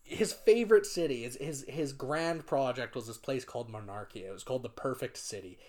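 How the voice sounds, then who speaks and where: A man's voice: mid-range voice, fairly quick. A young man co-hosting a podcast who tells lore stories animatedly, with lots of swearing. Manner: animated storyteller, frequent swearing and acted quotes. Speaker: podcast co-host. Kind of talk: casual lore chat.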